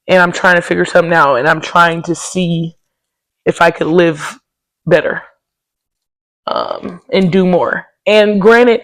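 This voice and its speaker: A woman's voice: on the low side, rough recording. A woman hosting a podcast, chatting candidly and casually to her listeners and sounding tired. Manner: candid, talks straight to listeners, often says y'all. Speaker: podcast host. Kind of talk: casual personal chat.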